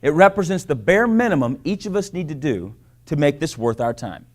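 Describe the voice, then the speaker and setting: Emphatic man pitching to a crowd. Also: sing-song, a little fast, a little mellow. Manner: emphatic, repeats key phrases with frequent "right?" and "okay?". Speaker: business presenter. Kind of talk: sales pitch to a live audience.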